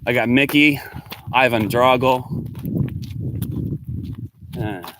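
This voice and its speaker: A man's voice: medium pitch, slow pace, noisy background. A male teacher talking casually to his students, rambling as he answers their comments one by one.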